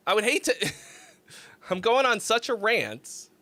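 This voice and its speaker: A man's voice: high voice, big pitch swings, a little slow, sharp tone, dry recording. A man hosting a casual music critique livestream, rambling and laughing as he thinks aloud. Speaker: host.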